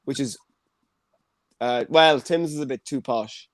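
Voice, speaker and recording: An Irish man hosting a comedy show over a video call, joking around in casual chat. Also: medium pitch. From Ireland. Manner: joking, quick to mimic others. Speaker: host.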